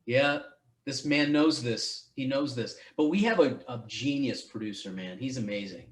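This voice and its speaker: A man's voice: medium pitch, normal speed, echoey room. A man hosting a podcast in casual chat, rambling and restarting his sentences, swearing now and then. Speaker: podcast host.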